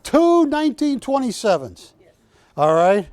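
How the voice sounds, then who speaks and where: A man's voice: very high voice, sing-song, unhurried, a little mellow, no room sound. An older man hosting a live shopping show, joking with staff and urging callers on. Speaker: shopping channel host. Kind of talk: live TV sales pitch. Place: TV studio.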